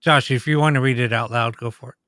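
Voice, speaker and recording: A man co-hosting a live podcast, talking in a relaxed, hesitant way with many pauses. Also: mid-range voice, no echo, clean studio sound. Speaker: podcast co-host. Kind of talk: casual live podcast chat.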